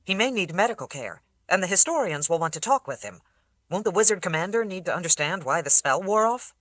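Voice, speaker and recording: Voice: medium pitch, big pitch swings, brisk, a bit bright, dry recording. An audiobook reader voicing an earnest young traveler who talks in a reassuring, kind-hearted way. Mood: urging. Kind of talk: audiobook character voice.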